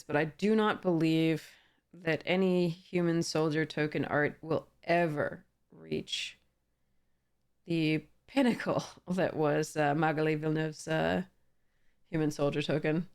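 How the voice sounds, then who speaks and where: Young woman, kinda low voice, chatty, reads cards out loud with lots of ums. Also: smooth. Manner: chatty, reads card text aloud, frequent fillers and laughs. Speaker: card game YouTuber. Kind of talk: casual pack-opening commentary.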